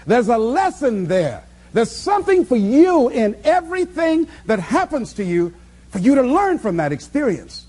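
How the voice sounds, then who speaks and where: Brief: man, motivational speaker, high voice, emphatic and preaching. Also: very animated, normal speed, a little mellow, breathy edge. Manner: preaching, emphatic, repeats phrases for effect. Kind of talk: motivational speech to a live audience.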